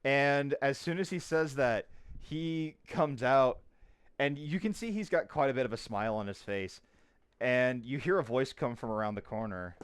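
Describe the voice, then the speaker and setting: A man's voice: medium pitch, moderate pace, clear, resonant tone, no echo. A man narrating a tabletop game as game master in a casual way. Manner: casual narration, animated when scenes pick up.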